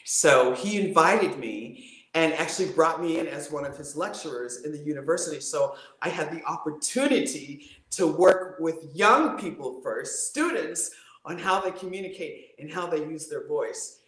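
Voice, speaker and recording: A woman voice coach, appearing as an interview guest, speaks at a moderate pace in animated, expressive talk with big pitch swings, demonstrating things with her voice. The recording is reverberant.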